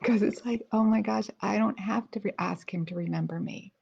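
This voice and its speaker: A woman's voice: medium pitch, moderate pace, vocal fry, darkish tone, slightly rough. A middle-aged woman telling a personal story in a casual live video, chatty, with lots of fillers and restarts. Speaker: speaker trainer hosting a weekly live video. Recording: slightly dull, lo-fi sound.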